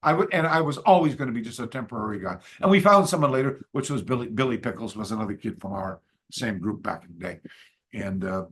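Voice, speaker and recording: An older man from Canada telling a story as a podcast guest, halting, with many restarts and fillers. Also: mid-range voice, expressive, fairly bright tone. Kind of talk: casual storytelling interview.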